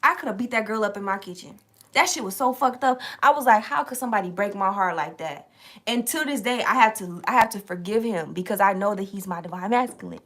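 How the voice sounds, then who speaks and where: A young woman telling a casual, profane story to her viewers, animated and streetwise. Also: mid-range voice, quick pace. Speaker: tarot reader and channel host.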